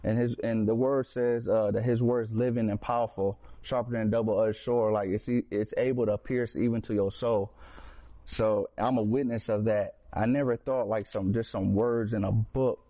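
A man's voice: lowish voice, steady tone, normal speed. A man telling his personal faith testimony in casual storytelling, earnest, with street slang and frequent restarts. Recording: slightly dull lo-fi recording.

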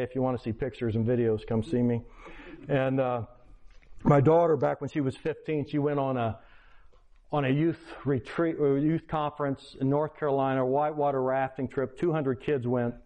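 An older man preaching a sermon as a pastor, earnest and pleading, telling stories to make his point. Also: medium pitch. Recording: dull lo-fi recording.

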